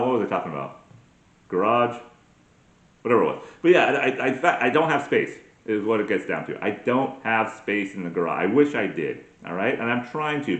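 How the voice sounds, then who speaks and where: A man's voice: medium pitch, fairly bright tone. Rambling crude male comic in a roomy space. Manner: crude, digressive, self-mocking, swings into put-on voices. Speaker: comedy podcast host. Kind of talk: rambling comedic monologue.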